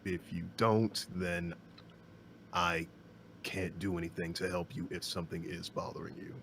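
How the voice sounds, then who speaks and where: A man voicing a tired, upset male adventurer who speaks in a quiet, muttered, strained way. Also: sits low, little pitch movement, moderate pace, background noise, pitched below the performer's own voice. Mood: earnest.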